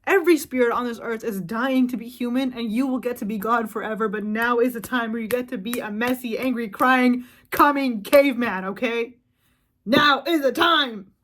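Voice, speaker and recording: A young woman giving a profane, emphatic rant straight to camera, with loud outbursts and quieter asides. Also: a little high, fairly quick, few pauses. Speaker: vlogger. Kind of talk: ranting monologue to camera.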